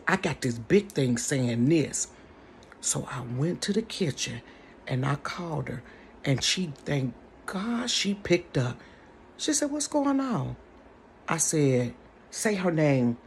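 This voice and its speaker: A woman telling a story in a casual storytime vlog from her bedroom, animated and chatty, talking straight to her viewers. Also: very deep voice, a little slow, gravelly, a little hiss or hum. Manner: animated, chatty, addresses the audience directly.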